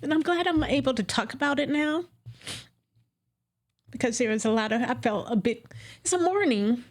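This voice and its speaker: A woman dentist telling her career story in an interview, emotional and animated, acting out what she said back then. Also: high voice, moderate pace. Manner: emotional, animated, acts out her own quotes.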